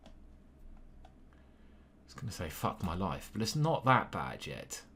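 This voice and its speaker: Guy talking thru his chess game, bright forceful voice, mutters then gets all worked up. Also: low voice, measured pace, pauses often, slight background noise. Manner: excitable, swears, talks to himself. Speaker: chess commentator. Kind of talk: live commentary on own online chess game. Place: small stuffy room.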